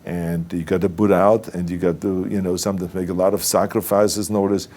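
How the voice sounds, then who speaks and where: In a mellow, level tone and at a fairly quick pace, a deep-voiced man gives a motivational speech and interview. His first language is German, and his accent is strong. He speaks with emphasis and sometimes starts words over.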